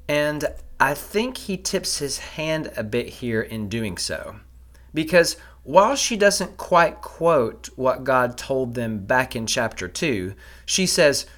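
A man, a father with a family, giving a measured, scripted Bible lesson, explaining a passage step by step and posing rhetorical questions. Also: medium pitch, fairly bright tone. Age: adult with a family. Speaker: Bible teacher. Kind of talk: scripted teaching narration.

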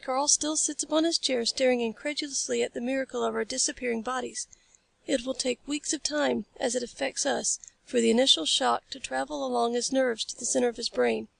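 A composed male scientist from an old adventure story lays out his reasoning step by step, as a woman reads him aloud. The voice sits a little high with a gravelly edge. It sounds close and dry. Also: steady tone, no echo, heavily acted. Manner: measured, explanatory. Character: calm, learned adult male scientist.

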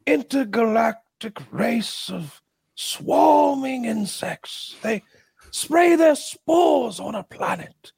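A man putting on the voice of an older male nature documentary narrator, drawing his words out slowly and dramatically. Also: extremely high pitch, lively intonation, vocal fry, a little mellow, breathy edge, dry recording, clean studio sound, pitched above the performer's own voice, exaggerated voice. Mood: awed. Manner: slow, drawn-out, dramatic delivery.

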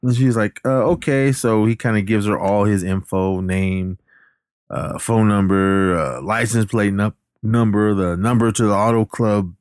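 A man's voice: lowish voice, fairly even intonation, a little slow, a little mellow, clear, resonant tone, dry recording, studio quality. A man casually retelling a film plot, rambling, backtracking to correct himself and briefly acting out the characters' lines. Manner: acts out the characters' lines in passing.

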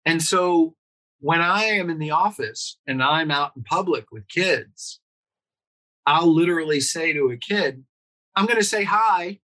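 Bright-voiced male doctor, earnest. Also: fairly high pitch, unhurried, rough recording. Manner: earnest, explains with acted-out quotes and rhetorical questions. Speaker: pediatrician guest. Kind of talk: conversational interview explanation.

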